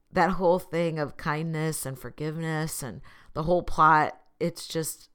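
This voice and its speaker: A woman with a notably low-pitched voice talks straight to her viewers in a loose, reflective monologue. She is earnest and open, and she pokes fun at herself with easy laughs. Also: a bit bright, clean tone. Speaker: vlogger.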